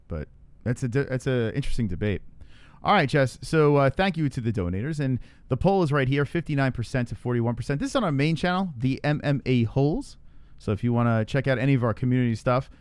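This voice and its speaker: A man's voice: medium pitch, a little fast, no room sound. A man co-hosting a casual livestream podcast, teasing his partner, laughing often and swearing. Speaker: podcast co-host.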